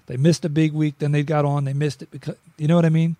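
A man's voice: on the high side, little pitch movement, fast, dark tone, no room sound. A man co-hosting a casual sports podcast, chatty and joking, often restarting his sentences. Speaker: podcast co-host.

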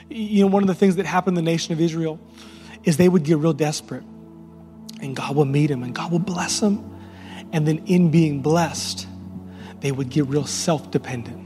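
Passionately preaching as pastor, this man repeats himself and climbs toward ever-rising crescendos. The voice is a little high with a darkish tone at normal speed, set against faint music and the long reverb of a large hall.

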